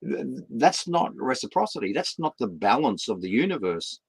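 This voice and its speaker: A man's voice: medium pitch, sing-song, normal speed, breathy edge, dry recording, poor audio. An Australian man in his fifties, a guest in an interview, talking with passion, repeating words and pushing his point with rising emphasis. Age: 50s. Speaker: guest, community partnerships founder.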